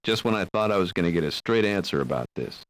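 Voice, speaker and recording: A man's voice: low voice, animated, quick pace, a little hiss or hum. A man voicing a wisecracking American protagonist abroad in an adventure game, with slangy, sardonic delivery. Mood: wry. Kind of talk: 1990s adventure game voice acting.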